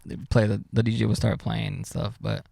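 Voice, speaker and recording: Laid-back young man with a gravelly voice. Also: on the low side, flat delivery, fairly quick, dark tone, no echo, clean studio sound. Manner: laid-back, laughs often while chiming in. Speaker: podcast co-host. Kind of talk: casual chat.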